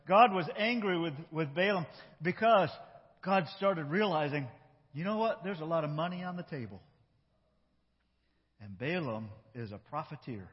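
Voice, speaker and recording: A man acting out a Bible story with children in a church, animated and coaching his young helpers. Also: a little high, normal speed, pauses often, slightly rough. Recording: echoey hall, dull lo-fi sound.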